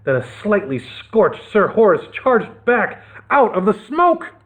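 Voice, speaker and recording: Man reading a picture book aloud, lively. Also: high-pitched, slow, low-quality recording. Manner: animated, playful asides. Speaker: children's librarian.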